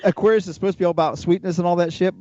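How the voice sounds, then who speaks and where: A man's voice: high voice, fairly even intonation, racing, a little mellow, no echo, lo-fi sound. A man in his fifties with a Southern accent, co-hosting a radio show, blunt and joking, with casual swearing. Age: 50s. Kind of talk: casual chat.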